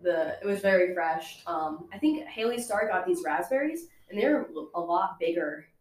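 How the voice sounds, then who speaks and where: A young woman talks casually with a student group, stringing thoughts together with fillers and laughing asides. Her voice sits a little low. The room around her is echoey. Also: animated, normal speed. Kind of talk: casual chat.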